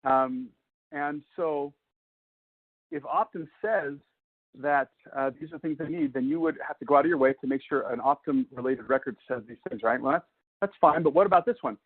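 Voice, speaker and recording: A man's voice: fairly high pitch, lively intonation, normal speed. Man lecturing over tinny phone-like audio. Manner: conversational, explains step by step with fillers. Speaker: presenter. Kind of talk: webinar lecture.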